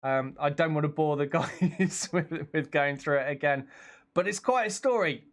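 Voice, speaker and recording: A man's voice: on the high side, moderate pace. Chatty man streaming a game at home. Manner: chatty, reacts aloud to the game and reads out chat. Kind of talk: casual live-stream commentary. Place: home room at his streaming computer.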